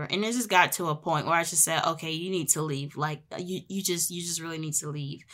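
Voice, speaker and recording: Animated woman telling a story, bright voice. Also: sits low. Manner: chatty and animated, acting out quoted voices. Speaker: host. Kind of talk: casual storytelling.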